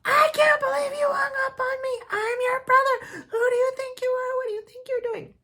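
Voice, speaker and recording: A woman voicing her angry adult brother, who is yelling at her in outrage. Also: very high-pitched, steady tone, moderate pace, voice pushed up, full character voice.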